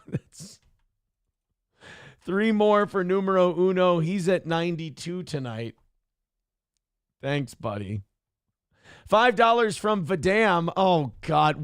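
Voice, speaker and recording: Exasperated man reading donations, fairly high. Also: animated, slow, pauses often, clean tone, no echo, clean studio sound. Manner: exasperated, laughing, swears freely. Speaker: radio show host reading viewer donations. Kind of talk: casual live-stream talk.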